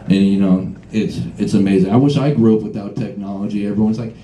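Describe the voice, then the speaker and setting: A man's voice: on the low side, fairly even intonation, fast, hardly any pauses, dark tone. Profane young man doing stand-up. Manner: profane, rambling, riffing with the crowd. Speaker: stand-up comedian. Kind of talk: live stand-up comedy set. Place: small bar venue with a live audience. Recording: echoey room with crowd noise.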